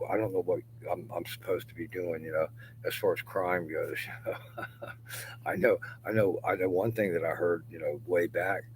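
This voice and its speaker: This clip has the same yard vlogger, a middle-aged man whose deep, low voice a faint hum sits beneath as he rambles profanely, laughing softly between lines. He keeps slipping into muttering and near-whispers, and the rough outdoor recording sounds a little mellow.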